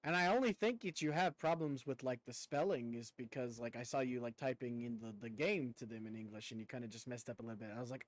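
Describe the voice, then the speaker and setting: Talking fast with hardly any pauses, a young streamer with a faint rural Southern twang rambles to his viewers during gameplay, swearing now and then. His pitch is medium, there's no echo, and the audio is poor.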